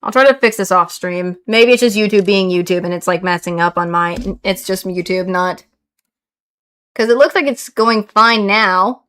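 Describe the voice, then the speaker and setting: A woman's voice: mid-range voice, normal speed, fairly bright tone, clear, resonant tone. A young woman streaming a game, talking straight to her chat and exclaiming aloud at what goes wrong. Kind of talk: casual live-stream gameplay chat.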